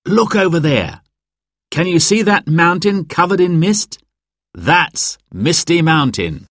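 A man voicing a kindly, patient father in a storybook, with gentle, reassuring explanations. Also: on the high side, lively intonation, slow, no echo, studio quality, voice pushed up, exaggerated voice. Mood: cheerful.

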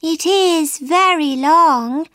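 A woman's voice: very high voice, extremely slow, pushed and bright, no echo, clean studio sound, voice pushed up, heavily acted. A woman reading aloud voices Alice, a polite and curious young girl, in an earnest, eager manner.

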